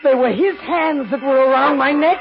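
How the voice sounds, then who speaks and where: A man's voice: extremely high pitch, moderate pace, vocal fry. An actor playing a haunted young man who narrates his ordeal in a tense, emotional way, in a 1940s radio drama. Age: young adult. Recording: dull old radio recording with music.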